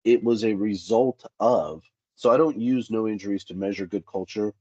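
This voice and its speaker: A man's voice: lowish voice, moderate pace, breathy edge, dry recording, dull audio. A man in a candid interview, a safety specialist who tells workplace stories and acts out the dialogue. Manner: animated, acts out quoted dialogue.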